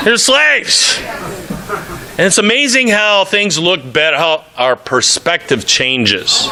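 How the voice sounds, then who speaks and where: A man preaching a sermon as pastor, reading scripture aloud and acting out the quoted voices with lively emphasis. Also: high-pitched, vocal fry.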